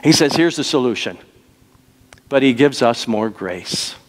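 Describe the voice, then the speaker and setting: A man's voice: mid-range voice, animated, measured pace. A male pastor delivering an emphatic sermon, repeating key phrases and slipping into acted quotes. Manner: emphatic preaching with dramatic acted quotes and repetitions. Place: church sanctuary. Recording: long church hall reverb.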